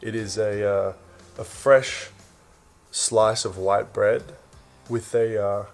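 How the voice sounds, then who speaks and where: Laid-back Australian man, lowish voice. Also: steady tone, takes it slowly, creaky, faint music behind. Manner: laid-back, dry and self-mocking. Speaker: actor teaching slang. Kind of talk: casual explaining to camera.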